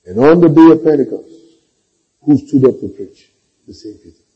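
A man's voice: on the high side, moderate pace, breathy edge, dull audio. A male pastor preaching a sermon, telling stories and calling for amens. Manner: storytelling, animated, calls for amens.

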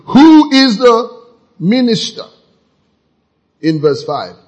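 A man preaching a sermon, lively and playful, acting out church members in mocking voices. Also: very high voice, slow. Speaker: pastor.

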